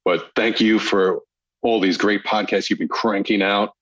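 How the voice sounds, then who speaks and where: A man's voice: lowish voice, steady tone, measured pace, dry recording, dull audio. A man, a police detective as guest, talking in a laid-back, friendly way and leaning on "you know" a lot. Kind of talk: casual chat.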